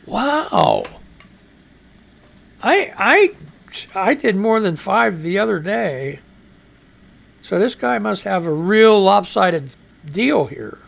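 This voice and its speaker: A man with a high, creaky voice hosts a live radio news show, speaking slowly with frequent pauses and a very animated delivery. He has an American accent and rambles through listener comments, exclaiming, laughing, and tossing in profane asides.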